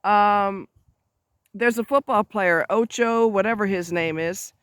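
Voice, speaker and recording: Standing outdoors near a road, an advice vlogger speaks to camera in a high, fairly bright, clean voice, taking it slowly with no echo. His casual advice is blunt and emphatic, chatty and full of offhand asides.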